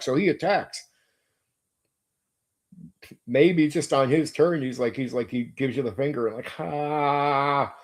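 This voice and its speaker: A man's voice: mid-range voice, a little mellow. A man hosting a casual stream about running tabletop games, enthusiastic and emphatic, swearing freely and repeating words as he thinks aloud. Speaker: game master and channel host.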